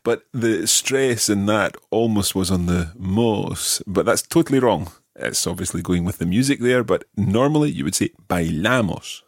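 A man's voice: lowish voice, no echo, studio quality. A man teaching Spanish, patiently modelling verb forms and stress for a learner to repeat. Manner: patient, models pronunciation slowly. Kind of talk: language lesson drills.

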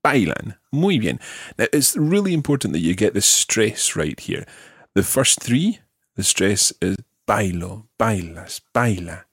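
Man, Spanish teacher, lively pitch, gravelly tone, dry close sound. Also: no echo. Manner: patient, models pronunciation slowly. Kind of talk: language lesson drills.

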